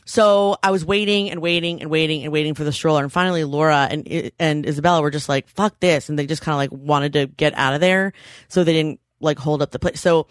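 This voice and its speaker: This podcast co-host, a woman in her thirties, chats casually, tells stories, and swears without hesitation. She speaks quickly in a low voice with fairly even intonation, recorded at studio quality with no room sound.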